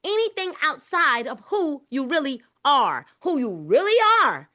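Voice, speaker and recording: Female book club host, fervent preacher-style delivery, high and lively pitch. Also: a little slow. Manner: fervent, preacher-like, repeating phrases; casual informal speech. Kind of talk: preachy live book-club reading and commentary.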